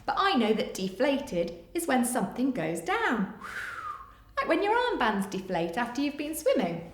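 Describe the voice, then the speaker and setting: At normal speed and with a high-pitched voice, a woman who teaches primary school reads aloud from a picture book with sing-song animation. The echoey room follows her into a phonics lesson where she coaxes and encourages young children.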